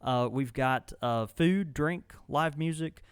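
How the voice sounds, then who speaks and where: A man's voice: fairly high pitch, takes it slowly, clean tone, no room sound, clean studio sound. Rambling male podcast co-host. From Mississippi. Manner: rambling, many fillers and restarts. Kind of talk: casual podcast chat.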